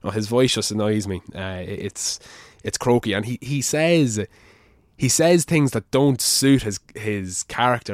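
A man's voice: fairly low pitch, unhurried, dry recording, clean studio sound. A young man in casual podcast chat, giving blunt opinions and swearing now and then.

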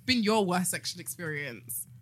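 A woman hosting a podcast, chatty and laughing, with quick asides. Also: fairly low pitch, lively intonation, very noisy. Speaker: podcast host. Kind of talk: casual podcast chat.

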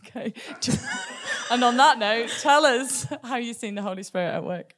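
A woman's voice: a little high, expressive, a little fast, a bit bright, slight background noise. A woman hosting casual church interviews, an encouraging interviewer who laughs along and leads into prayer. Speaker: host.

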